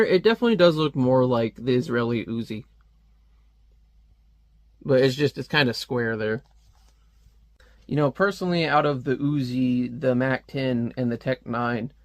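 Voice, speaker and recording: A man talking through a comic in casual, offhand commentary, wandering between thoughts and leaning on plenty of fillers. His voice sits at an ordinary middle pitch. The recording is dry and close, with no reverb. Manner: rambling, offhand, with frequent fillers. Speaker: comic reviewer.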